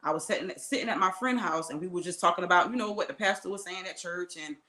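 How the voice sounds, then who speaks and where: An earnest woman tells her life story as an interview guest. She talks in a bright, forceful voice, scatters "you know" through her sentences and acts out the quotes. The room has a noticeable echo. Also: on the low side, quick pace. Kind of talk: personal life story told in conversation.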